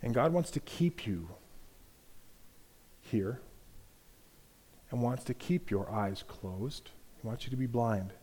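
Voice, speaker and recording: A man voicing a sly male serpent tempter, talking low and hushed in a coaxing, conspiratorial way. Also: expressive, takes it slowly, long pauses, slightly rough.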